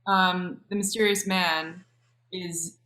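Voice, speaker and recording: A woman's voice: on the low side, fairly even intonation, slow pace, pushed and bright. A woman on a talk show panel, speaking hesitantly and thinking aloud in a casual discussion.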